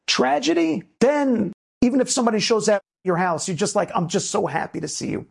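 Gravelly-voiced rabbi giving a rousing talk. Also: male voice, sits high. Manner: animated storytelling, rising to emphatic exhortation. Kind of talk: inspirational talk.

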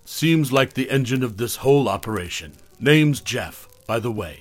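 A man's voice: medium pitch, expressive, normal speed, close to an everyday voice. Man reading as a crude laid-back engineer. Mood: offhand. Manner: casual, crude, offhand.

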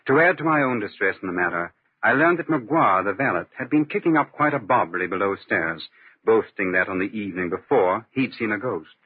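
An actor narrating and playing an upper-class gentleman in a 1940s radio drama, speaking in a clipped, authoritative way. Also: on the low side, expressive, a little fast, husky, dry recording. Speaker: narrator and brother of the household. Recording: tinny old radio recording.

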